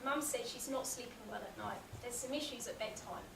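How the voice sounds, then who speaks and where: A woman's voice: on the high side, fairly quick, vocal fry. A woman giving a storytelling talk about her work as a child therapist, acting out the voices in her anecdotes. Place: meeting room, recorded from the audience. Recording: echoey room, distant mic, background noise.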